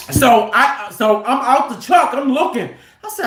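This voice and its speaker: A man's voice: very high-pitched, measured pace. A man who drives trucks, telling stories casually and with profanity, acting out what people said. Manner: animated, profane, acts out quotes loudly. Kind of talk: casual storytelling. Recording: roomy echo.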